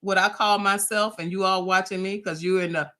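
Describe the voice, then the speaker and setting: A woman with a bright, forceful voice gives a motivational talk to small business sellers. She hammers her points home through repetition and keeps checking in with her listeners. She is a lively storyteller who acts out the people she quotes. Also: mid-range voice, brisk. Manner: emphatic and repetitive, drives points home with "okay?".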